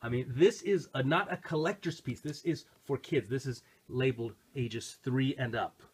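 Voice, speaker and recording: A middle-aged man with a somewhat husky voice talks through a toy review at home. He is excitable and rambling, with chatty asides to the viewers at an ordinary pitch. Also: moderate pace. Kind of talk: casual hands-on toy review. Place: home recording station.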